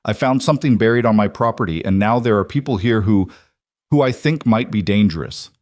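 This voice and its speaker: A man voicing a seventy-two-year-old army veteran who speaks quietly and steadily under threat. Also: fairly low pitch, a little fast, no room sound, studio quality, close to an everyday voice. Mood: tense. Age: 70s.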